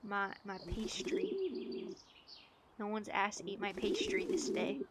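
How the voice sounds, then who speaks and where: A woman streaming a game, chatting casually and joking to herself, breaking into loud outbursts and laughs. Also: medium pitch, sing-song, unhurried, heavy background noise. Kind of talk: casual gameplay commentary. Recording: clear game sounds of birds behind.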